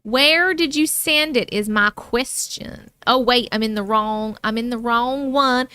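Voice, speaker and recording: Bubbly high-voiced Long Island woman. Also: unhurried, sharp tone, smooth, no echo. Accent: Long Island New York. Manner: bubbly, chatty, thanks viewers by name. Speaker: livestream host and story reader. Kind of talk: casual livestream chat with viewers.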